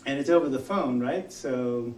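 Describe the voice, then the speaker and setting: A man with a General American accent, teaching a college class in an easygoing, chatty way, often acting out little back-and-forth exchanges. The sound is roomy and echoey, taken from a mic set some way off across the room. His pitch sits in a middle range. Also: normal speed, darkish tone, recorded from a distance, slight background noise. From Los Angeles area, US. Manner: conversational, with many "you know" fillers and quoted dialogue. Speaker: college instructor. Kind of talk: classroom lecture. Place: lecture room.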